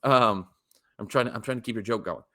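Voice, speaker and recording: A man's voice: mid-range voice, fairly quick, sharp tone. A young man co-hosting a podcast, ranting in casual chat, swearing and stumbling over his words when heated. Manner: heated, profane, stammering restarts. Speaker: podcast co-host. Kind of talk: casual sports rant.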